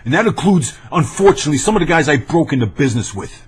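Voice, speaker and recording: A man's voice: fairly high pitch, very animated, fast, husky. A brash man rants to camera in a rambling webcam monologue, often stammering and restarting. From New York area. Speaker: video blogger.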